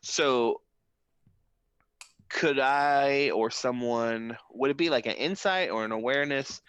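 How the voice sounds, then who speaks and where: In a casual tabletop role-playing chat, a man talks slowly and thoughtfully, hesitating and restarting often. His medium-pitched voice is clear, resonant and slightly bright, and the recording is dry.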